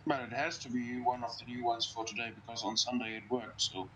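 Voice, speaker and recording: A man chats with friends over a game, teasing and bossing the session along. His voice is mid-pitched, with a faint hiss behind it. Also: little pitch movement, brisk, fairly bright tone, low-quality recording. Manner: teasing, bossy organizer. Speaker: player in a multiplayer game. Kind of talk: casual gaming chat.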